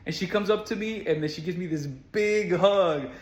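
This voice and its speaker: A man with a slightly higher voice tells a personal story in an earnest, conversational way, with casual fillers. He works as school support staff. The sound is roomy, with echo from the space around him. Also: moderate pace. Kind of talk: storytelling monologue.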